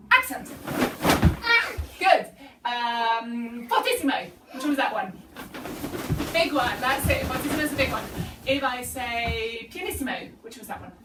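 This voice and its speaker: A woman teaching a children's music class, calling out cues in a lively, encouraging way. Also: on the high side, noisy background. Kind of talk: group music lesson with children. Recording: echoey room, distant mic, loud music. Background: loud music.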